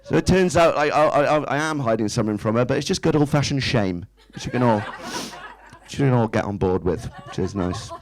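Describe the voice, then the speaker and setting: A man's voice: medium pitch, animated, a little fast, few pauses, rough recording. A man, doing a stand-up set in a small club, chatty and self-mocking, tossing rhetorical questions at the crowd. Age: 30s. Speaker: stand-up comedian. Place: small indoor comedy club stage.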